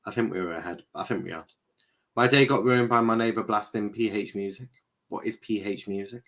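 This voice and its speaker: A young man with a fairly low voice chats casually on a live stream, reading out comments as he goes. He rambles, trips over his words and drops the odd swear. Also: a bit bright. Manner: chatty, rambling, swears, stumbles and repeats himself. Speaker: watchalong streamer host.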